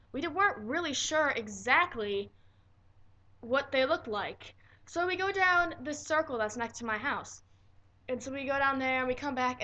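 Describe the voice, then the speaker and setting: A teenage girl telling a story in a casual vlog, animated and dramatic and swearing freely. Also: sits high. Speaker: vlogger.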